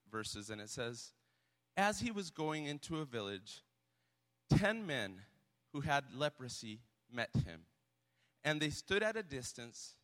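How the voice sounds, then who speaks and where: A man's voice: a little high, fairly bright tone. A man leading worship in a church, speaking earnestly with frequent fillers and restarts before the songs. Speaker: worship leader. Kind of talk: sermon. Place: church sanctuary. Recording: long reverb of a church hall, faint music.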